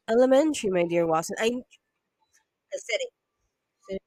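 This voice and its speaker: A woman's voice: medium pitch, animated, a little slow, long pauses, darkish tone, no room sound, low-quality recording. A playful woman chatting her way through a video game, reading screens aloud and breaking into little hums. Her voice sits in the middle, recorded close on a mic with a dry, dead sound. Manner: playful, chatty, sings to herself. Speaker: gamer. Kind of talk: let's play commentary.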